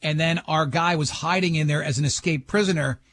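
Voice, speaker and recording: A man's voice: fairly high pitch, a little fast, a bit bright, a little hiss or hum. A man hosting a radio show, telling stories with a laugh and acting out the people in them. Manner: laughing storyteller, acts out quoted voices. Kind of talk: casual radio chat.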